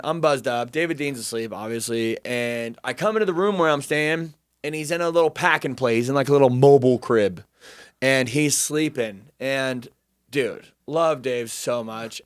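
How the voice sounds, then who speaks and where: Young guy telling a wild story, swears a lot, smooth clear voice, dry close sound. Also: medium pitch, dry recording. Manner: animated, profane, self-deprecating storyteller. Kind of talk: casual storytelling.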